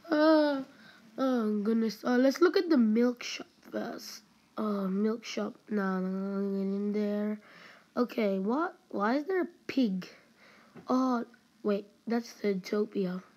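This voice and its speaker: Slow-talking excitable woman gaming. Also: on the high side. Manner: excitable, exclaims often, frequent fillers. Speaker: gameplay streamer. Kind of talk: gameplay commentary.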